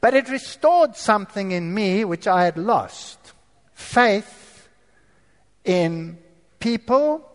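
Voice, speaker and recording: A man preaches his own life story in a storytelling sermon, turning to the audience with rhetorical questions. His voice sits high and carries a long reverb from the hall. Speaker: preacher giving his testimony.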